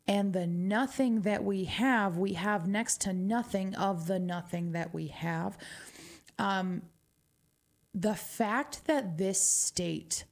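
A woman's voice: medium pitch, takes it slowly. A woman from New Mexico with a Southwestern twang, chatting casually as a radio DJ between songs, wry and laughing often.

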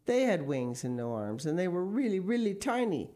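A woman's voice: fairly low pitch, very animated, moderate pace, warm tone. A woman reading a children's story aloud expressively, with casual asides. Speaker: story reader.

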